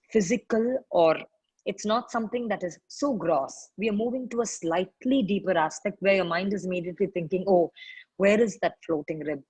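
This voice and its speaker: A middle-aged woman with an Indian English accent, a yoga teacher giving an orientation talk to new students over a video call, explaining earnestly and correcting herself often, her voice cracking and needing to clear her throat. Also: medium pitch, a little mellow, dry recording, rough recording.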